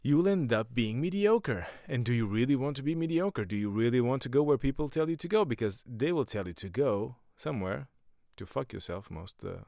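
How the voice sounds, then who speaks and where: A man's voice: mid-range voice, lively intonation, fairly quick, creaky, few pauses, a little mellow, dry recording, studio quality. A man, a stand-up comedian and podcast host, talking in a rambling casual monologue full of swearing and self-mocking jokes.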